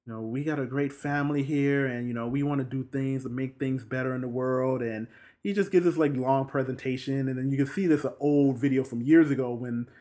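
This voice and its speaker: A man retelling a film's story in relaxed, casual conversation. He slips into the characters' lines with sudden bursts of energy, then drops back to an easy, mid-pitched narrating voice. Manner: animated, acts out characters' lines in quick bursts. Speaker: film recapper. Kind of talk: casual chat, retelling a film plot.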